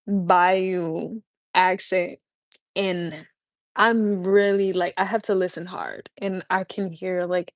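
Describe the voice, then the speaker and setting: A woman's voice: on the low side, vocal fry, dry recording. A woman hosting a casual live stream chat, rambling with many fillers and laughing often. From United States. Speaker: livestream host.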